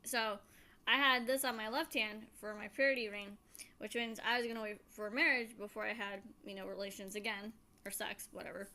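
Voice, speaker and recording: A woman's voice: mid-range voice, steady tone, fairly quick, bright, forceful tone. A young woman chatting casually on a couple's vlog, giggly and bubbly. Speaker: vlogger.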